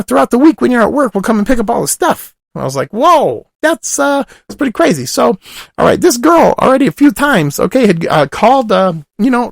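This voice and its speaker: A man voicing a raspy, burnt-out party guy who rambles with fillers and asides in a comic monologue. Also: very high voice, no room sound, studio quality, heavily acted.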